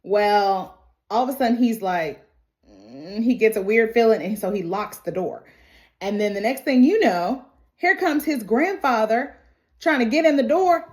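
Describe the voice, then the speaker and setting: A woman's voice: fairly high pitch, expressive, a little slow, darkish tone. A woman giving a casual, chatty movie recap, laughing often and acting out the characters. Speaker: movie reviewer.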